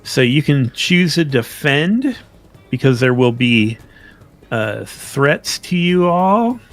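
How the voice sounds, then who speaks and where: Slow-talking man running a tabletop game. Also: mid-range voice, big pitch swings, faint music behind. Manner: unhurried explanations with fillers and restarts. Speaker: game master.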